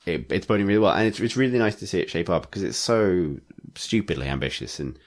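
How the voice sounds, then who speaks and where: Male podcast co-host, deep voice, loose rambling delivery. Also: expressive, fast talker. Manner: rambling, full of "like" fillers. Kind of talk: casual chat.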